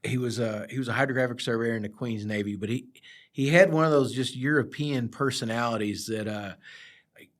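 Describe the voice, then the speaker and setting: Guesting on a podcast, a middle-aged man who works as a project surveyor rambles through work anecdotes in a relaxed chat, frequently laughing. He talks fairly quickly at a medium pitch.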